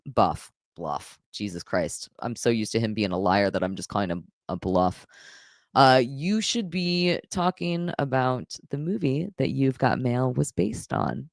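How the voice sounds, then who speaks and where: Low-voiced profane woman streamer, dry sound. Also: no room sound. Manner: blunt, profane, reads viewer messages aloud. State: emotional. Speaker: live stream host reading super chats. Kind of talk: casual live stream chat.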